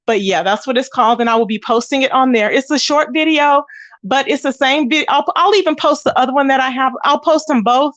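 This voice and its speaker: High-voiced chatty woman on a livestream. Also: a bit bright, dry recording. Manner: chatty, greets viewers with pet names. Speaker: livestream host. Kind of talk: casual gossip livestream. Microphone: phone.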